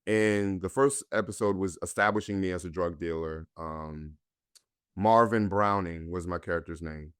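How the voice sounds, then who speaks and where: A man's voice: deep voice, normal speed, clean tone, dry recording, clean studio sound. A man from North Carolina, an actor guest, earnestly and candidly telling his own story in a conversation.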